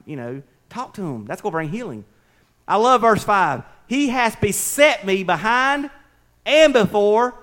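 A man preaching a sermon, folksy and conversational, swinging between loud preaching and soft, near-whispered asides. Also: high-pitched. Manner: folksy, conversational, with slips and restarts. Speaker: pastor.

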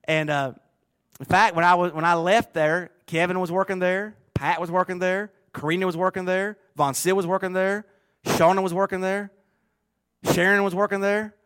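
A middle-aged man preaching a sermon in a church, rising to loud bursts and dropping to soft, low asides. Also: steady tone, normal speed, clean tone, no echo, studio quality. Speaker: pastor.

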